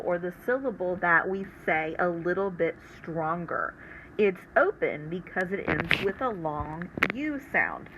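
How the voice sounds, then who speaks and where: Slow, patient woman teacher. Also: fairly low pitch, bright, forceful tone, a little hiss or hum, rough recording. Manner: slow, patient, clearly enunciated instruction. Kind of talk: recorded spelling lesson for children.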